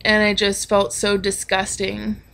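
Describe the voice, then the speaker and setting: A woman's voice: medium pitch, monotone, unhurried, creaky, fairly bright tone, clean tone. A young woman telling a personal story in a candid vlog, frank and confessional, with lots of swearing and filler words. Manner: frank and confessional, swears freely, many ums and likes. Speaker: vlogger.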